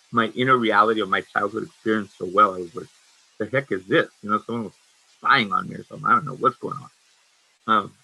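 A man in his sixties giving a frank, halting personal testimony at a meeting, with many restarts. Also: on the low side, vocal fry, bright, forceful tone, breathy edge, dry recording, low-quality recording. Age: 60s. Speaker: recovery speaker sharing his story.

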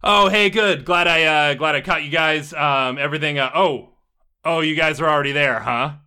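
A man playing a casual, rebellious young man giving laid-back but hurried warnings in a tabletop role-playing game. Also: on the high side, bright, forceful tone, clean tone, pitched above the performer's own voice. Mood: casual urgent.

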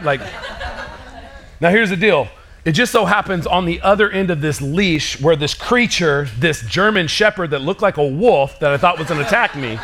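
A male pastor in his thirties delivers a sermon with a slightly high voice. He tells stories in an animated way, with mock screams and quick asides. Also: slight background noise.

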